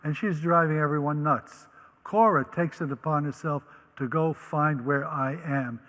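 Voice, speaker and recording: A man's voice: on the high side, unhurried, a bit bright, big-room sound, rough recording. An older man from the Netherlands, a Holocaust survivor, telling his life story vividly and acting out the voices he quotes. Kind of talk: personal storytelling talk.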